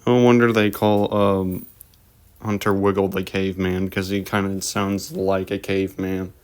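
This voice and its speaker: A man's voice: low-pitched, level tone, measured pace, a little hiss or hum. A man hosting a reaction video, talking in a casual, rambling voice-over. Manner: rambling, offhand remarks.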